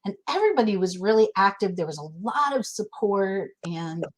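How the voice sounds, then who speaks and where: In a poor-quality recording, a middle-aged woman with a mid-range, very animated voice talks at a moderate pace. She's a guest in a casual interview chat, speaking candidly and emotionally and often restarting her sentences.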